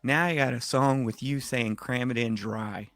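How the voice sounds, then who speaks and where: A man co-hosting a podcast in casual chat, teasing with deadpan jokes. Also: mid-range voice, moderate pace, no room sound. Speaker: podcast co-host.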